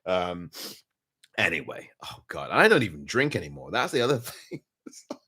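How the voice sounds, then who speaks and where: A man's voice: sits low, sing-song, normal speed, pushed and bright, slightly rough. A man with an English accent hosting a casual post-match football chat, laughing at his own slip-ups and teasing himself by name. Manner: self-mocking, talks to himself by name. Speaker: podcast host.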